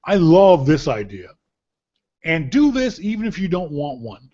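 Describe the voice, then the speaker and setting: A man hosting a podcast, chatting casually and telling joking, animated stories about holiday gifts. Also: fairly high pitch, unhurried, highs cut off. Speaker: podcast host. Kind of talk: casual gift-guide chat.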